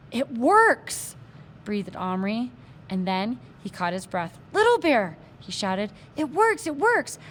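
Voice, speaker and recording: A woman reads a children's chapter book aloud in a mid-pitched, everyday voice, dropping in small asides and correcting slips. A faint hiss of noise hangs behind her. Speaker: reader. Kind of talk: reading a children's novel aloud.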